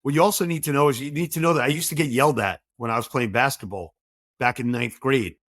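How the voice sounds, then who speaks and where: A man's voice: medium pitch, quick pace, no room sound. Middle-aged male guest; chatty, acts out dialogue; dry, close mic. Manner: animated storyteller, acts out quoted dialogue. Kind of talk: conversational podcast interview.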